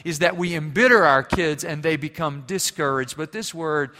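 A man preaching a sermon as pastor, swinging from loud emphasis to quiet, intimate passages. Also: fairly high pitch, normal speed. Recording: long reverb of a large hall.

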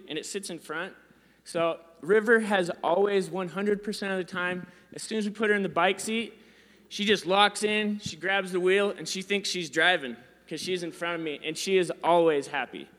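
High-ish guy telling a dad story, animated and self-mocking, long reverb on the voice. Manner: animated, self-deprecating, gets louder and higher when excited. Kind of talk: casual storytelling.

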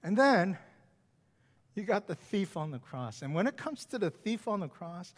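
High-pitched guy preaching slow, loud then whispery, big echoey church sound. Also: sing-song. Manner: dramatic swings from loud emphasis to hushed whispers; repetitive emphatic phrasing. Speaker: pastor. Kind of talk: sermon. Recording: long reverb of a large hall.

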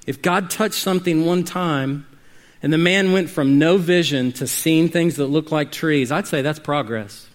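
A male preacher delivering a sermon, telling stories with dynamic swings from quiet to shouting. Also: a little high, unhurried. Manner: dynamic storytelling, rising to shouts at climaxes.

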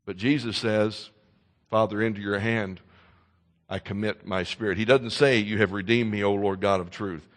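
A man preaching a sermon in an earnest way, swinging between loud emphasis and soft, intense passages, often repeating words as he starts a sentence. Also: on the low side, fairly even intonation, normal speed, long reverb tail. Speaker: pastor.

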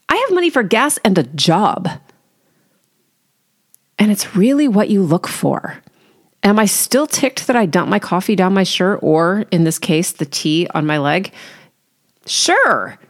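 A middle-aged woman hosting a solo podcast, chatty and candid with a wry, self-deprecating manner. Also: medium pitch. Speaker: podcast host. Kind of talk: casual solo podcast talk.

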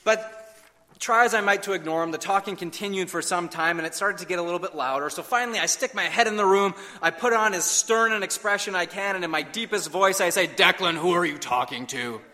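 A man in his thirties preaching a sermon in an earnest way, slowing down with emphatic pauses. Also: high voice, bright, forceful tone. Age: 30s. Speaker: pastor. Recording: long hall reverb.

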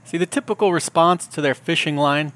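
A man's voice: fairly high pitch, fairly quick. Wry storytelling man, podcast host. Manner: wry, deadpan. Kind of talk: comedic storytelling monologue.

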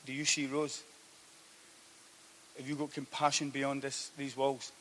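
A man preaching a sermon, telling a story that swings from hushed to loud. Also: mid-range voice, monotone, a little slow, a little hiss or hum. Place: church hall.

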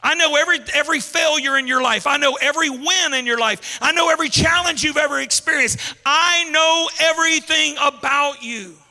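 An affirming male teacher speaks emphatically to a follower and repeats his words for weight, as a preacher acts him out. The voice is very high, with a bright, sharp edge. A long reverb rings behind it, as in a big hall. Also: expressive, moderate pace, exaggerated voice.

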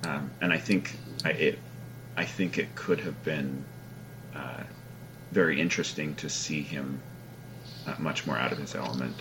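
Man, very low voice, halting book talk, fillers, faint hum. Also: steady tone. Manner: thoughtful, halting, hedging with fillers. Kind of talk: casual book discussion.

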